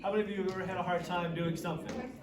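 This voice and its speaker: A man with a fairly high voice leads a group of children, cheering them on and asking them questions. He sounds far from the mic in an echoey room. Children can be heard around him, and the sound is a bit dull. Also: steady tone, rapid-fire, over a noisy crowd. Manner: encouraging, asks the kids lots of questions. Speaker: children's program host. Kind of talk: leading a children's group lesson.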